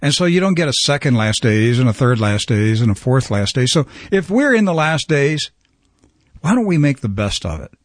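A man's voice: medium pitch, sing-song, normal speed, no echo, studio quality. A man hosting a religious talk program, speaking with fervent, preacher-like urgency. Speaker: program host. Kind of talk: religious talk show conversation.

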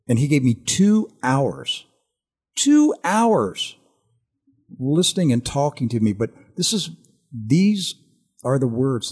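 An older man telling an earnest personal testimony on a Christian talk show, animated and full of restarts. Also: medium pitch, breathy edge.

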